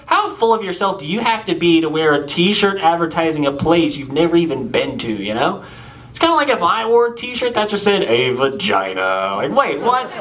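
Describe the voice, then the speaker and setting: A man's voice: on the high side, fairly bright tone, rough recording. A young man from Tennessee doing a laid-back, sarcastic stand-up set on a club stage. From Tennessee, USA. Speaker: stand-up comedian.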